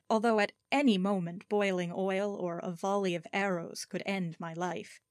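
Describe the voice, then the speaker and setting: In a measured, expressive reading, a woman audiobook narrator tells a first-person story. Her voice is mid-range, recorded at studio quality with no room sound.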